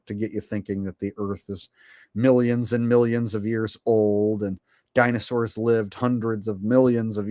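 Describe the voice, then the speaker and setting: A man's voice: lowish voice, a little mellow, dry recording, clean studio sound. A man hosting a commentary vlog and reading viewer donations, with a rambling, sarcastic and profane way of talking.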